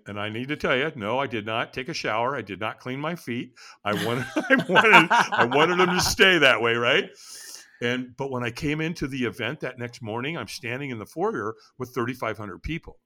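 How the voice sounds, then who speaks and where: A middle-aged man telling his story as an interview guest, acting out his own past lines with sudden leaps in pitch. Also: bright, forceful tone. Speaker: podcast guest.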